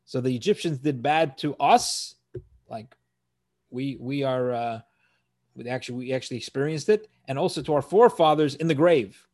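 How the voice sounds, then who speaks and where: A Torah teacher works through scripture verse by verse, reading Hebrew phrases and translating each one. He sounds earnest and explanatory, often restarting his sentences, and his medium-pitched voice has a darkish tone and moderate pace.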